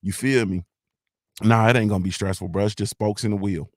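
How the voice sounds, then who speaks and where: A man's voice: fairly low pitch, fairly even intonation, a little fast, a little mellow, no echo. A middle-aged man from Ohio, by way of Mississippi, hosting a casual live-stream morning show, rambling loosely, repeating "you feel me," and swearing freely.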